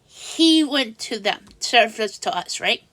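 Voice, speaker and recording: High-voiced woman telling an exasperated story. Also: animated, fairly bright tone, no echo. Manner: halting, restarts, rising exasperation. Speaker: vlogger. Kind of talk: casual storytelling vlog.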